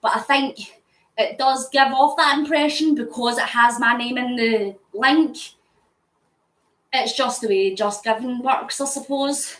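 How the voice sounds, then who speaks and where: A woman's voice: fairly high pitch, measured pace, a bit bright, roomy sound, low-quality recording. A Scottish woman from near Glasgow, hosting a live stream and chatting while she answers viewer comments as she cycles. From Scotland. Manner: chatty, answers comments aloud with frequent laughs; talking while cycling. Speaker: fundraising vlogger.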